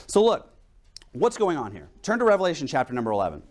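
Male preacher, young adult, higher voice, animated swings, anecdotal sermon delivery with rhetorical questions. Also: fast talker.

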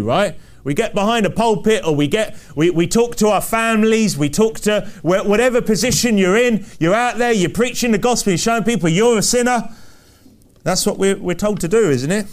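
Male preacher, high register, emphatic repeating sermon delivery. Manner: emphatic, repetitive preaching cadence with rhetorical questions.

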